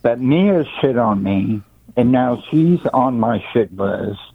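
A man of middle pitch calls in on a tinny phone line. He talks bluntly and matter-of-factly. His voice comes through dry and narrow. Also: lively intonation, slow, vocal fry, slightly rough, no room sound. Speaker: caller. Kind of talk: casual chat over the phone.

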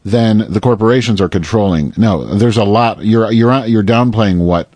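A man's voice: on the low side, moderate pace, darkish tone, dry recording. A man co-hosting a casual talk show, arguing heatedly and swearing often. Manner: argumentative, profane, ranting.

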